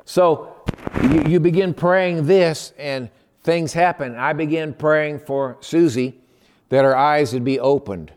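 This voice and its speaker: A man preaching a sermon as pastor, telling stories with lively acted-out voices. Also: slow pace. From Texas. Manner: animated storyteller, acts out a phone call in a high excited voice. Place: church sanctuary. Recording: long hall reverb.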